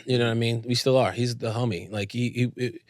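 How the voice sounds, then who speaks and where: A man's voice: medium pitch, fast, no room sound. Man, 30s, casual storytelling, dry close mic. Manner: animated storyteller, mimics voices, laughs often. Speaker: guest actor. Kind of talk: casual interview chat.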